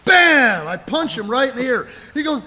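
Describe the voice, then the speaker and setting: A man casually telling rough road stories from his wrestling days, swearing freely and loudly acting out what people said. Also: very high voice, fairly quick. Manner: profane, animated, acts out quotes loudly. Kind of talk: casual storytelling chat.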